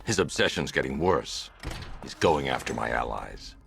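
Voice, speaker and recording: Brief: a very deep, gravelly, grim masked vigilante in a game. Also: male voice, lively intonation, normal speed, a bit bright, faint music behind, full character voice. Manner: terse, gravelly growl. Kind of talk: video game voice acting.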